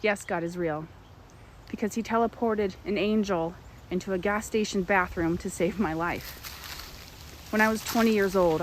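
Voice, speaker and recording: A woman's voice: fairly low pitch, slight background noise. Woman telling a personal story. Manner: animated storytelling. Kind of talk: personal testimony.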